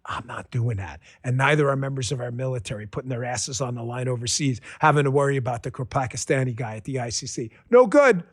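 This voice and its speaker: A man hosting a political commentary podcast, talking in a sarcastic, excitable rant that keeps tipping into laughter. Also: mid-range voice, fast, few pauses, slightly rough, no echo, studio quality. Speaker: podcast host.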